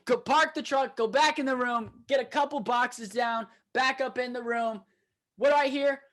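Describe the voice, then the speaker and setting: Young guy, high voice, profane and animated, casual podcast storyteller. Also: normal speed. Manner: profane, animated storyteller, shouts quoted lines. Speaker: podcast co-host.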